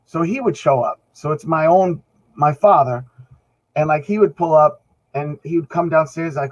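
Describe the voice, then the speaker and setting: A man's voice: fairly high pitch, normal speed, highs cut off. New man telling a rambling story. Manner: rambling anecdotes with acted-out quotes. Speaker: podcast guest, band musician. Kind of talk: casual storytelling chat.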